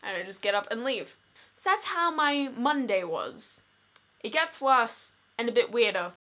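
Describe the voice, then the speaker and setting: A woman's voice: fairly high pitch, lively intonation, unhurried, pushed and bright. A teenage girl telling a dramatic story in a chatty vlog, filling her speech with "like". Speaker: vlogger.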